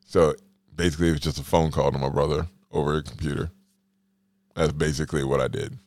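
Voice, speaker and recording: Man, very deep voice, slangy rambling storyteller, dry close recording, solo podcast host. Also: steady tone, fast, darkish tone, no room sound.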